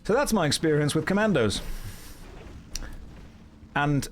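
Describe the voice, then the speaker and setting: A man's voice: on the high side, animated, unhurried, slight background noise. Guy chatting on stream, jokey and self-mocking, voice jumps all over. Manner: joking, self-mocking storyteller reacting to chat. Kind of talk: casual live-stream chat while gaming.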